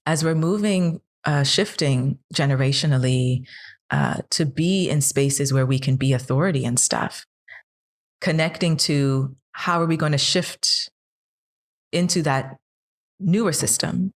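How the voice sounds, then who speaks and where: A woman in her thirties with a notably low voice, chatting on a podcast. She talks earnestly and keeps pressing questions, building steam as she goes. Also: measured pace. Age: 30s. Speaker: podcast co-host. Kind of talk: casual chat.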